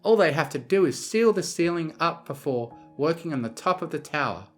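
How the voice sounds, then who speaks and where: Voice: mid-range voice, animated, a little fast, faint music behind, natural voice. A narrator voicing a friendly, cheerful young female pony who speaks in a welcoming way.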